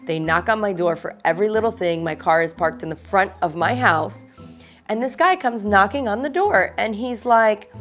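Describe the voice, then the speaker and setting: Sarcastic woman vlogger, mock-diva rants, quiet music under her. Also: mid-range voice, lively intonation, normal speed. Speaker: host of a parody reality-show vlog. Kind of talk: casual confessional chat.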